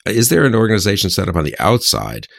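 A man giving measured political opinions in a panel discussion. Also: on the low side, huge pitch swings, gravelly, a bit bright, dry recording, clean studio sound. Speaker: political commentator.

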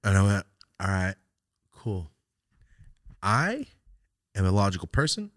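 A man hosting a podcast, telling a story in casual chat, animated and profane with loud outbursts. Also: deep voice, a little slow, no echo, clean studio sound. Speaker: podcast host.

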